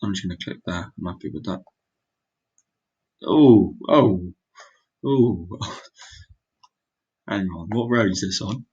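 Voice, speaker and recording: A man's voice: low voice, expressive, slow, pauses often, dark tone, breathy edge, dull audio. A young man muttering his way through a geography guessing game, exclaiming and mocking his own mistakes. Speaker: gaming video creator. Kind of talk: casual gameplay commentary.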